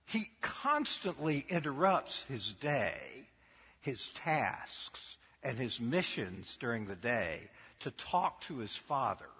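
A man's voice: mid-range voice, fairly bright tone, breathy edge. A man preaching a sermon who keeps putting questions to the congregation and tells the story with laughter. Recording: long hall reverb.

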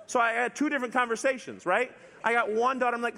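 A middle-aged man preaching a sermon to a congregation, storytelling in a relaxed, conversational way with asides. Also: extremely high pitch, quick pace, vocal fry, hardly any pauses. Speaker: pastor. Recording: long hall reverb.

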